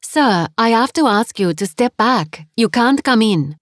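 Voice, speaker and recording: A woman's voice: fairly high pitch, expressive, a little slow, no echo, clean studio sound, pitched above the performer's own voice. A woman voicing a hospital nurse who speaks firmly and formally. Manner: firm, formal.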